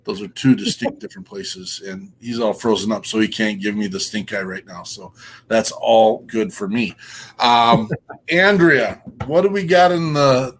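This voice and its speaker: A man's voice: lowish voice, a little slow, slight background noise. A man hosting a casual show, enthusiastic and rambling, with many ums and uhs. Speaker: podcast host.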